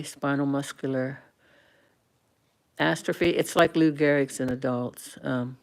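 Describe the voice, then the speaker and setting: An older woman in her sixties hosts a casual livestream and chats to her viewers. Her low voice has a heavy gravelly fry, and she rambles along with plenty of fillers and restarts. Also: a little mellow. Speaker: livestream host.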